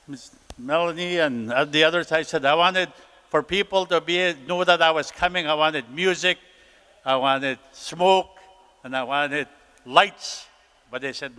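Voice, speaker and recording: A man's voice: a little high, pushed and bright, clear, resonant tone. An older man, a councillor, giving an encouraging speech at a conference and telling stories in a folksy way. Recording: reverberant hall.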